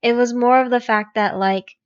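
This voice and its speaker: A woman's voice: fairly high pitch, fairly even intonation, normal speed, smooth, muffled recording. A woman co-hosting a podcast in casual chat, explaining things hesitantly with many fillers. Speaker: podcast co-host.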